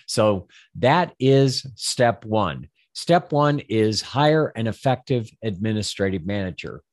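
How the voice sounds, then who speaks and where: A man's voice: on the low side, big pitch swings, takes it slowly, no room sound, clean studio sound. An older man coaching financial advisors in a rambling instructional talk, often repeating words and acting out the listener's objections.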